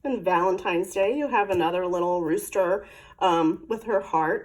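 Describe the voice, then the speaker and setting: Middle-aged woman, casual crafter demo; chatty and gushing, fairly low voice. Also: moderate pace, darkish tone, poor audio. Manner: chatty, gushing, thinks aloud while handling supplies. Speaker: craft product demonstrator. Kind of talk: casual product show-and-tell.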